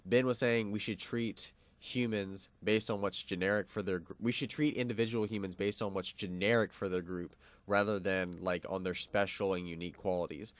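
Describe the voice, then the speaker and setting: A man's voice: sits low, clear, resonant tone, dry recording. A young man co-hosting a college radio show, explaining a philosophical argument with lots of fillers and restarts. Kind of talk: casual philosophical discussion.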